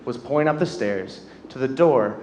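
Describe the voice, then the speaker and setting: A young man in his twenties doing a self-deprecating stand-up set on a comedy club stage, getting loud at the punchlines. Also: mid-range voice, unhurried, a little hiss or hum. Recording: roomy club with audience laughter.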